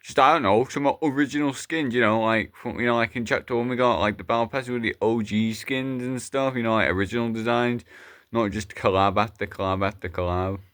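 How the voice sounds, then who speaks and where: A man's voice: medium pitch, steady tone, a little fast, fairly bright tone. A man narrating a plush toy skit in a rambling, chatty way, with some swearing. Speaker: plush video creator.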